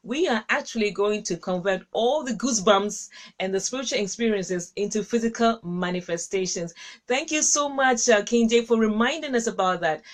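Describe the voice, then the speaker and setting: Hosting a live-streamed encouragement session, a woman talks with her viewers at a normal speed in a warm, gushing, casual way. Frequent laughter and sudden upward jumps in pitch mark her speech.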